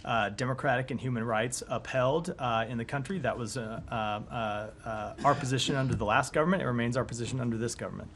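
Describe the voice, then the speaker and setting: A male government spokesperson answering questions at a press briefing, measured with frequent fillers, hoarse and clearing his throat. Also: mid-range voice, a bit bright. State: hoarse, coughing. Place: briefing room.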